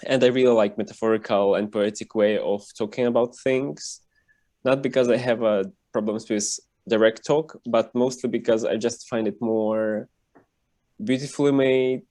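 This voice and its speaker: Speaking at a moderate pace in a mid-range voice, a cartoonist chats as a guest in a relaxed interview over video call, using many fillers and emphasizing things with energy.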